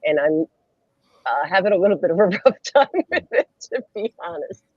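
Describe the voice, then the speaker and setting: A woman hosts a casual video-call chat stream, laughing often and joking at her own expense. Her voice is husky and her pitch swings up and down. The audio is dull and lo-fi. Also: expressive, normal speed, no echo. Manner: laughing often, self-deprecating. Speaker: host.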